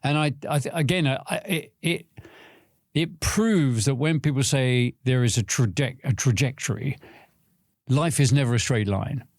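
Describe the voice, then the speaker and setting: A man's voice: mid-range voice, a little slow, no room sound, clean studio sound. An older man talking casually as a podcast guest, telling reflective anecdotes with frequent restarts. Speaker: guest, advertising veteran. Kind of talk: casual conversation.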